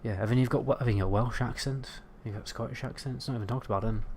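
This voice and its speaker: Speaking in a mid-range, slightly mellow voice, this UK game streamer with a British accent rambles casually and swears as he responds to chat. A little background noise can be heard.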